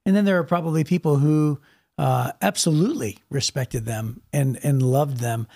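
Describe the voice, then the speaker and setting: A man's voice: fairly high pitch, normal speed, darkish tone, husky. A man from Ohio, a pastor, telling stories in a casual chat with lots of restarts and repeated words. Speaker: pastor and podcast co-host.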